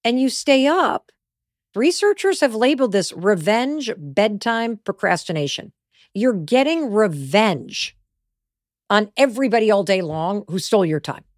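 A woman's voice: on the high side, no room sound. Brief: middle-aged woman, motivational podcast host, blunt and conversational, dry studio sound. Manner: candid, emphatic, conversational.

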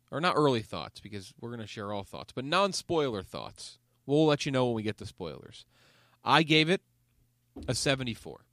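Animated man hosting a podcast. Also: mid-range voice, dry recording, clean studio sound. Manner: animated, steers the talk, swears casually. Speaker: podcast host. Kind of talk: casual podcast chat.

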